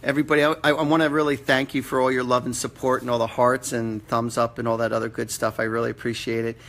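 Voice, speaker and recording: A man's voice: medium pitch, flat delivery, fast talker, a bit bright. A man hosting a live-stream session, giving casual, blunt readings with some mild swearing. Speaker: psychic medium host. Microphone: computer or phone mic on a live stream.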